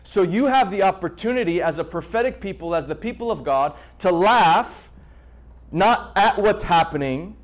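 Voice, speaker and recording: A man preaching a sermon to a congregation in an animated way, repeating words and pausing for effect. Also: high-pitched. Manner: animated preaching with repetitions and dramatic pauses. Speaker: pastor.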